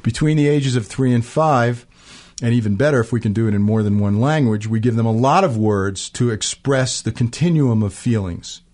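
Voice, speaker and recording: A middle-aged man calmly explaining ideas in an interview, using everyday examples. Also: mid-range voice, moderate pace. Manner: calm, explanatory, gives examples. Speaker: guest expert on emotional fluency. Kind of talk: interview answers.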